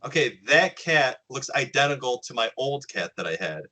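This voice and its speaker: A man's voice: medium pitch, normal speed, rough recording. A man hosting a podcast, telling a story in casual chat, acting out the lines of others and swearing freely. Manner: animated storyteller, acts out quotes, swears often. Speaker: podcast host.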